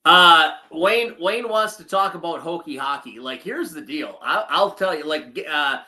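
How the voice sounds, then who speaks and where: A man's voice: a little high, expressive, unhurried, pushed and bright. A middle-aged man, co-hosting a casual chat show and rambling with frequent restarts. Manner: rambling, self-correcting, folksy. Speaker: podcast co-host.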